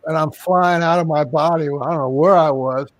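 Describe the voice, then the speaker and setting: A man's voice: on the high side, steady tone, normal speed, dry recording, rough recording. A man from Texas, a guest on an interview show, telling a long story in a casual, rambling way with many restarts. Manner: rambling, with frequent restarts and fillers.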